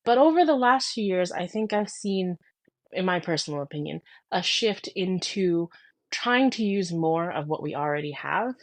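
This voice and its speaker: A woman's voice: fairly low pitch, lively intonation, normal speed. A woman hosting a podcast in casual chat, talking enthusiastically in long flowing sentences. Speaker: podcast host.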